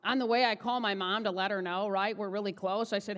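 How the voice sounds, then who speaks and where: A woman giving a motivational keynote speech, telling a personal story in a chatty, animated way and often asking the audience "right?". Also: mid-range voice, a little fast, big-room sound. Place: large event hall.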